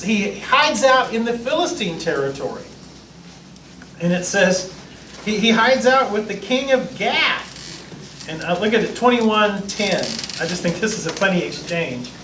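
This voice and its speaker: A man's voice: high voice, a little hiss or hum. A man, a pastor, teaching a Bible class in a casual, joking way, acting out what the people in the stories say. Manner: joking, lively, acts out the lines of biblical people. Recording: echoey room, mic far off.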